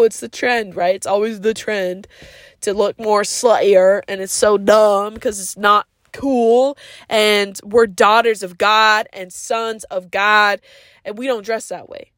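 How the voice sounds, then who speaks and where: A woman's voice: mid-range voice, fairly even intonation, slow, no room sound, clean studio sound. A woman hosting a podcast, giving a casual but earnest, preachy monologue full of "like" and slang such as "yo" and "bro". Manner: frequent "like" fillers. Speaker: podcast host.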